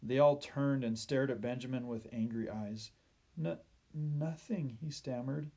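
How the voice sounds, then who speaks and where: A male storyteller reads a children's tale at a gentle, measured pace. He lets the sad moments slow and soften. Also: medium pitch, fairly even intonation. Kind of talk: children's Bible story reading.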